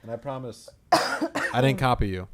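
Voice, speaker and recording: A man's voice: mid-range voice, a little slow, fairly bright tone, dry recording. A man co-hosting a podcast, chatting casually with playful puns and banter. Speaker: podcast co-host. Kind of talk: casual chat.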